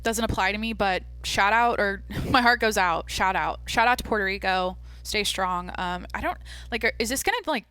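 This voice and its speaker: Bright, rambling young woman podcaster. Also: mid-range voice, normal speed, few pauses, clean tone, no room sound. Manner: rambling, jokey, lots of "like" and "um"; self-described deadpan. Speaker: podcast host. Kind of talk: casual solo podcast chat.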